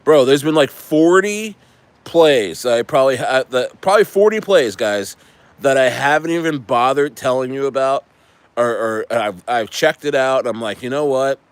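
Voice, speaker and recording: A man rants casually about crypto picks, swearing freely and repeating phrases as he goes. His voice sits at an ordinary middle pitch. The recording is dry and close. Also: expressive, normal speed, clear, resonant tone, no echo. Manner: rambling, profane, repeats himself. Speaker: crypto streamer. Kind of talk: casual ranting chat.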